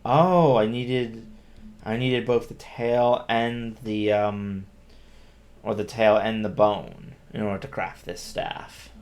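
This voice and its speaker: A man's voice: on the low side, fairly even intonation, takes it slowly, a little mellow. A man giving casual let's-play commentary, thinking aloud and grumbling wryly at the game. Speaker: gameplay commentator.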